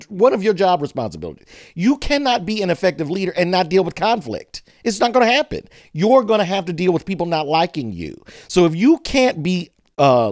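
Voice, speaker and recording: A man hosting a casual chat about leadership and conflict. He is an animated storyteller who acts out quotes and laughs along the way. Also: high-pitched, no echo, clean studio sound.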